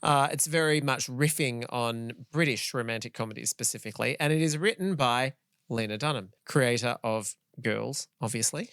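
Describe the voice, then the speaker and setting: A man's voice: medium pitch, normal speed, a bit bright, clear, resonant tone, no echo. A man co-hosting a podcast in casual chat, making wry, dry quips and explaining things. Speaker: podcast co-host.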